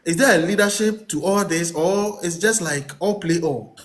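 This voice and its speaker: A man's voice: sits high, normal speed, a bit bright. A man hosting a live talk show, politely cutting in to ask his caller questions.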